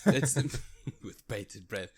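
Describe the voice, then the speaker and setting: Animated, laughing male podcast co-host. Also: medium pitch, drawn-out words, husky. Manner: animated, playful, laughs often. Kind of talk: casual podcast chat. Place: home setup on a remote call.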